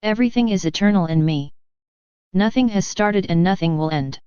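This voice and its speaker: A woman reading the lines of a gentle, sorrowful divine male speaker in a solemn, tender, unhurried way, with a smooth, clear voice. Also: medium pitch, no echo, close to an everyday voice. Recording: dull lo-fi dry reading.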